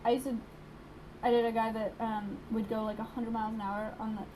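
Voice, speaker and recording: Woman, quick rambling storyteller, filler-heavy delivery, noticeable background noise. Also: on the high side, little pitch movement, dark tone, rough recording. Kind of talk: casual storytelling chat.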